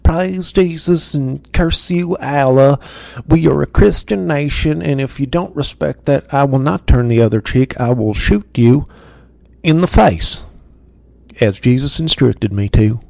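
Bit character: man doing a loud, high-pitched, preachy gun-loving zealot, threatening. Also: measured pace, creaky, no echo. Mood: aggressive. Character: belligerent pious male Trump-supporter, gun-waving.

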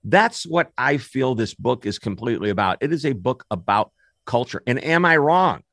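A man's voice: mid-range voice, animated, moderate pace, a bit bright, no room sound. Male host, upbeat and chatty, dry close-miked studio voice. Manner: enthusiastic, chatty. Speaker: podcast host. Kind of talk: radio interview hosting.

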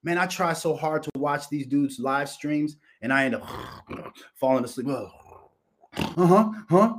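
A man's voice: a little high, normal speed. A man hosting a livestream, ranting in a brash, boastful and mocking way, full of swearing. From Minnesota. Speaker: livestream host. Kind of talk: profane livestream rant.

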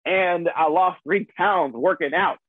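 A man's voice: high-pitched, a little slow, dry recording. A man telling a personal story in casual chat, laughing often, swearing freely and poking fun at himself. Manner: profane, laughing, self-deprecating. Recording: dry tinny phone-like sound.

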